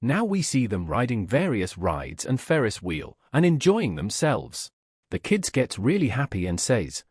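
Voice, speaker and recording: Husky man narrating a comic recap. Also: mid-range voice, sing-song, normal speed, a little mellow, no echo, studio quality. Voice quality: reads all parts in one plain voice.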